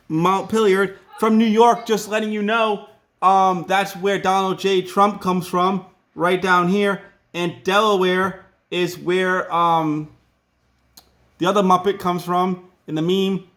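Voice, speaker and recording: A man's voice: high-pitched, level tone, slow, fairly bright tone. A man with a Rhode Island accent teaching a casual classroom lesson, chatty and full of joking asides.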